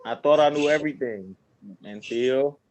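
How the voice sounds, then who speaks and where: A man's voice: mid-range voice, moderate pace, darkish tone, rough recording. A twenty-year-old man, a defendant at a court hearing, speaking in a subdued, apologetic way.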